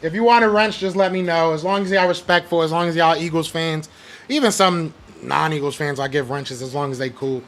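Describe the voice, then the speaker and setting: Fired-up man ranting, bright gravelly voice. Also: a little high, steady tone, fairly quick. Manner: fired-up, emphatic, slangy and blunt. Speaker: podcast host. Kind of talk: heated sports rant, reading live chat.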